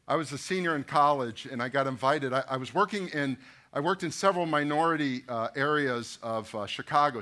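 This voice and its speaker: A middle-aged man speaks as a pastor addressing a business luncheon. He tells animated stories, acting out the dialogue himself. He often turns to the crowd with direct questions. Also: mid-range voice. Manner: storytelling, animated anecdotes with quoted dialogue.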